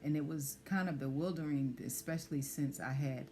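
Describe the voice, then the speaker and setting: A woman sharing a personal testimony in conversation, soft-spoken and hesitant with many fillers. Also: low voice, moderate pace. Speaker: guest sharing pregnancy loss story.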